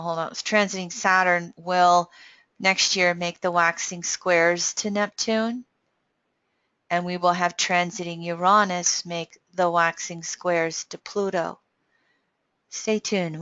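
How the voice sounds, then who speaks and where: An American woman astrologer giving a yearly forecast in an earnest, unhurried way, often correcting herself. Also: on the low side, fairly bright tone, dry recording, highs cut off. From United States.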